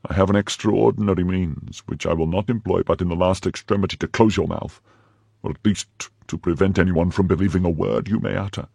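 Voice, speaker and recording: A man's voice: low-pitched, fairly even intonation, brisk, vocal fry, a little mellow, husky, no echo, full character voice. A man reading the part of a cruel nobleman jailer who mocks and threatens his prisoner in an audiobook. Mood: menacing. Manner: mocking, then menacing.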